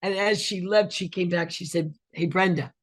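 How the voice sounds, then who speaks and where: An older woman, a guest actress, chatting in an interview with a husky voice, acting out the voices of people in her stories. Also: lowish voice, moderate pace. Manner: animated storyteller who acts out quoted voices. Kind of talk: casual interview chat.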